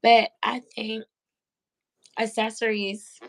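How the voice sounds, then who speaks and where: A woman's voice: a little high, little pitch movement, slow, gravelly. A woman hosting a casual interview about fashion, speaking in a thoughtful, encouraging way. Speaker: interviewer, show host.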